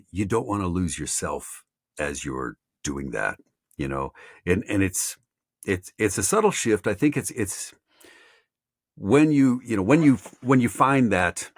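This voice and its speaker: A man mentoring voice actors in a casual chat, halting with many fillers and restarts. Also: a bass voice, a bit bright, dry recording, studio quality. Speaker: voice acting mentor.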